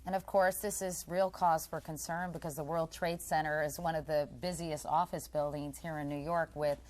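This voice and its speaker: A low-voiced woman co-anchors live breaking news. She stays composed and keeps asking follow-up questions. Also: fairly even intonation, moderate pace, a little mellow.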